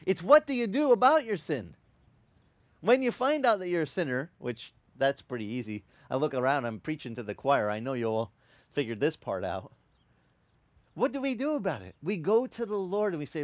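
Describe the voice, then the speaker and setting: A man preaching a sermon as pastor, telling stories and acting out quotes with animated energy. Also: a little high, moderate pace, no echo. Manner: animated storytelling with acted-out quotes. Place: church.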